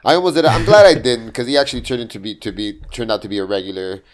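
A man telling a profane story about his taco stand in a casual chat, quick to act out what people said. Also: lowish voice. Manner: fast, profane storytelling with acted-out quotes. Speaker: taco vendor.

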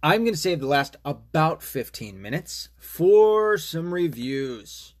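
A man's voice: fairly high pitch, big pitch swings, slow pace. A man hosting a podcast, talking in a casual, rambling and profane rant. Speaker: podcast host. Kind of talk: casual monologue.

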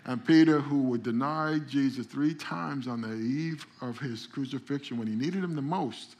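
A man's voice: mid-range voice, normal speed, darkish tone. A male pastor delivering a conversational sermon, repeating and restarting words as he goes and calling out to the congregation for responses.

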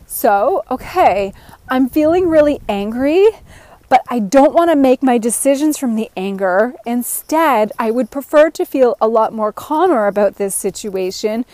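A woman's voice: fairly high pitch, expressive, unhurried, dark tone, no echo. A woman giving an earnest, encouraging self-help talk, speaking in long run-on sentences as a life coach. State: a bit out of breath.

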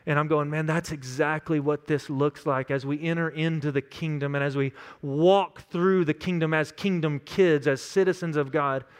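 Earnest Texan pastor telling stories. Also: male voice, fairly high pitch, steady tone, moderate pace, hardly any pauses, smooth. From West Texas. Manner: storytelling, conversational, earnest. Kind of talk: sermon.

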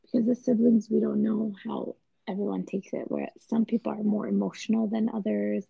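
A woman's voice: mid-range voice, flat delivery, normal speed, vocal fry, husky, dry recording. A woman chatting casually, easygoing and agreeable, speaking in short phrases. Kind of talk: casual chat. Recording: dull lo-fi recording.

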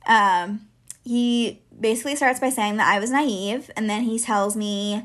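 A woman's voice: fairly high pitch, unhurried, fairly bright tone. A woman in her twenties, a podcast co-host, telling a long personal story in casual chat, with lots of "like" fillers. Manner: chatty, heavy use of filler "like".

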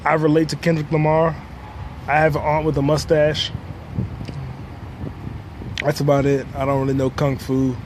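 A young man talks to his podcast from a city sidewalk with a slightly high voice, drifting from story to story in a dry, jokey way. He sounds stuffed up with a cold. Passing cars and street noise come through clearly around him. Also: moderate pace, long pauses. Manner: rambling, deadpan jokey, swearing. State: has a cold, coughing. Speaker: podcast host. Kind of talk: casual solo monologue.

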